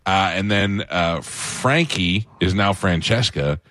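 A man with a low voice hosts a radio show in casual banter. He stays laid-back and tosses off quick quips, close to a studio mic in a dry room. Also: lively intonation, pushed and bright, no echo. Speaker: radio host.

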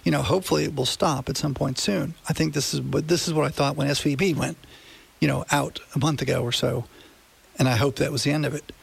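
A man's voice: fairly high pitch, fairly even intonation, fast talker, vocal fry, breathy edge. A man hosting a radio finance show, explaining things in a conversational way and checking that listeners follow. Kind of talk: casual radio talk.

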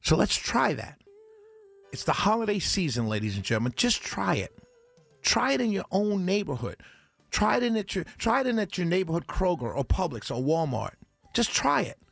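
A high-voiced man hosts a talk radio show. He preaches at his listeners, repeats himself and keeps asking rhetorical questions, all into a dry, close studio mic. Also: very animated, moderate pace, creaky, fairly bright tone, dry recording. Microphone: studio microphone.

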